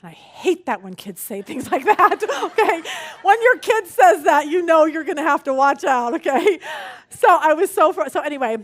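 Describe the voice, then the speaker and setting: Animated high-voiced woman Bible teacher. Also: moderate pace. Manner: animated storytelling, acts out quotes with big pitch jumps; self-deprecating humor, frequent "okay?". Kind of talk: women's Bible study teaching.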